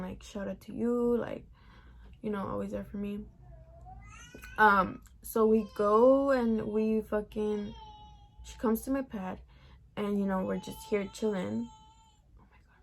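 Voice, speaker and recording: Young woman vlogger, gravelly fry, chatty swearing storytime, mid-pitched. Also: fairly even intonation, takes it slowly. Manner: chatty, profane, heavy use of "like". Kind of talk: casual storytime vlog.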